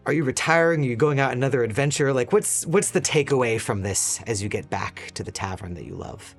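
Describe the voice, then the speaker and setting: A man running a tabletop role-playing game as game master, giving descriptive, unhurried narration with quick asides. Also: mid-range voice, faint music behind.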